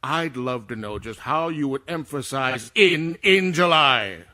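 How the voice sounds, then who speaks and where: A man's voice: mid-range voice, unhurried, bright, forceful tone. A man doing a pompous Orson Welles, indignant. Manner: imperious, indignant, fussy over word readings. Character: pompous irritable male star actor recording ads. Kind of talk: comedic voice-over session re-enactment.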